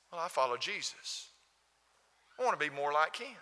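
A man preaching from the pulpit in a sharp, intensely forceful voice that sits a bit high for a man. He hammers his point with repeated rhetorical questions, and his words ring out with a long reverb through a church hall. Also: sing-song, normal speed, long pauses. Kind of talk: sermon.

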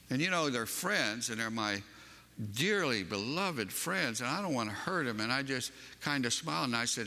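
A man's voice: medium pitch, animated, moderate pace, sharp tone, big-room sound. A man from Western North Carolina with a Southern accent, preaching a sermon and telling a personal story with emphatic, rising delivery.

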